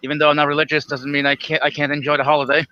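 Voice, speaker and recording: A man's voice: on the high side, little pitch movement, sharp tone, dull audio, slight background noise. A man with a nasal voice, a livestream guest chatting casually over a video call, full of fillers and restarts. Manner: halting, many restarts and fillers. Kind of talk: casual chat.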